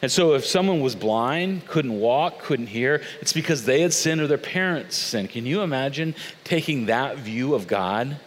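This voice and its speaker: A man preaching a sermon as a pastor, telling the story in a conversational, animated way with casual asides. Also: medium pitch, normal speed, few pauses. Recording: long reverb of a large hall.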